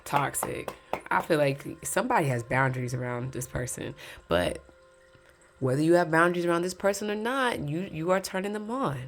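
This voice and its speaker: A woman's voice: deep voice, moderate pace. A woman giving a casual pick-a-card tarot reading, chatty and candid, talking straight to her viewers and laughing between points.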